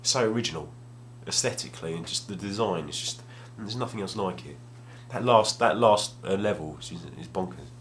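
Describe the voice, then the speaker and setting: A man's voice: sits low, normal speed, few pauses, fairly bright tone, slight background noise. A young man telling a rambling, self-deprecating story at home, casual and full of restarts. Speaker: gaming vlogger. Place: home room, at a table.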